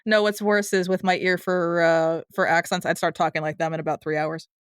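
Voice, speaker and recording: A woman's voice: level tone, a little fast, clean tone, no room sound. Chatty woman podcaster, dry close sound. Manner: chatty, quotes film lines in bursts of higher pitch. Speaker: podcast co-host. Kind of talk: casual chat.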